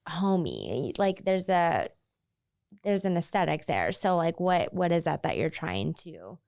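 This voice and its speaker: A woman's voice: lowish voice, sing-song, unhurried, darkish tone, no room sound, studio quality. A woman co-hosting a casual interview, asking chatty questions with many "like" fillers. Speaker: podcast co-host.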